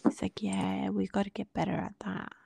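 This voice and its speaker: A woman with a deeply gravelly, husky voice and a mellow, dark tone tells a personal story on a podcast. She talks casually, often sinking to a breathy near-whisper and quoting others' words as dialogue. The sound is dry and close. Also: level tone, moderate pace, dry recording. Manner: quotes others in dialogue with many fillers. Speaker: podcast co-host.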